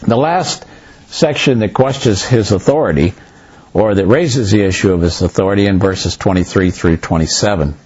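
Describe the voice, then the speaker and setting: A man's voice: fairly low pitch, moderate pace, darkish tone, husky. A man leading a conversational Bible study, telling stories animatedly and acting out bits of dialogue, with loose restarts as he talks. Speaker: pastor or Bible teacher. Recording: muffled lo-fi recording.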